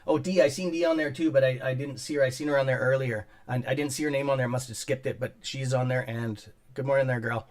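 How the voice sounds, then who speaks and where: A man hosting a casual stock market livestream from his home studio, rambling and swearing as he chats with viewers and keeps clearing his throat. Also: medium pitch, steady tone, fast, a little mellow. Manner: rambling, profane, greets chat viewers by name. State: clearing throat and coughing often. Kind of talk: casual live-stream chat with viewers. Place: home studio on a top floor.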